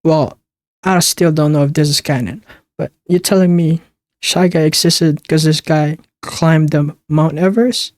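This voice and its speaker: A man's voice: fairly high pitch, measured pace, a little mellow, no room sound, studio quality. A man reacting to a video with casual, slangy asides as the host.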